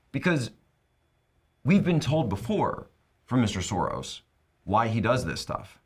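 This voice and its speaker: A man's voice: medium pitch, very animated, slow pace, long pauses, slightly rough. A man hosting a political talk show, delivering an emphatic, sarcastic monologue. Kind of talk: monologue commentary.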